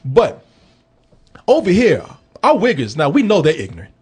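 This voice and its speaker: A man hosting a movie review podcast, talking in an animated, joking, profane casual chat. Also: high-pitched, normal speed, husky.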